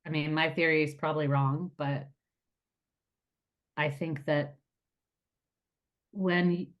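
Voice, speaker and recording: Low-voiced earnest middle-aged woman. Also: steady tone, lo-fi sound. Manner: earnest, emotional, speaks haltingly. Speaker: podcast co-host. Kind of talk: casual group discussion.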